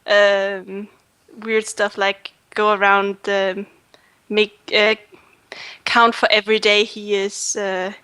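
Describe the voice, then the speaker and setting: Flat-toned woman player, deadpan. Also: mid-range voice, slow, smooth, no room sound. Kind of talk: tabletop game chat.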